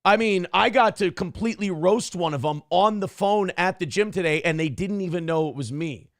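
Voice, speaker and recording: A man hosting a comedy talk show, reacting to clips with sarcastic, profane commentary and animated storytelling. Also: sits high, brisk, vocal fry, few pauses, no room sound, clean studio sound. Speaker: morning show host.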